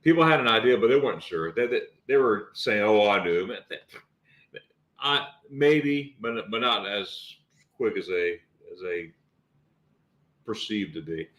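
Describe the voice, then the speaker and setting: A man's voice: fairly low pitch, expressive, fairly bright tone, echoey room. A man appearing as a guest on a casual livestream, telling a story and often repeating himself as he goes. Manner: storytelling, halting with many repeats.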